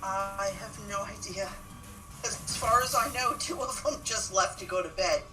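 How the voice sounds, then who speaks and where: A woman's voice: mid-range voice, unhurried, far from the mic, over music, poor audio. A woman co-playing on a game stream, talking casually with many hesitations and restarts. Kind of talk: casual gaming chat.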